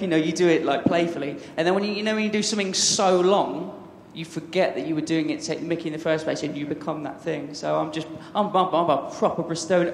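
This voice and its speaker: A man's voice: fairly high pitch, fairly even intonation, fairly quick, few pauses. Chatty man in an echoey hall. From England. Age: 30s. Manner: chatty and enthusiastic, with many restarts. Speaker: conference speaker. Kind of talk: conference talk. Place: large conference hall. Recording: echoey hall, faint background noise.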